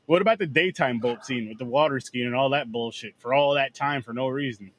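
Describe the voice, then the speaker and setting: A man in a casual podcast chat, adding quick remarks and agreeing. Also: medium pitch, fairly bright tone.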